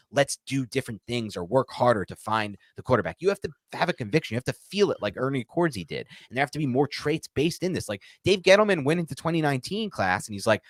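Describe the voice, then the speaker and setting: A man's voice: medium pitch, big pitch swings, fast, few pauses, no echo. A man co-hosting a sports podcast, talking frankly and animatedly and acting out quotes. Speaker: podcast co-host. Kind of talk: casual sports chat.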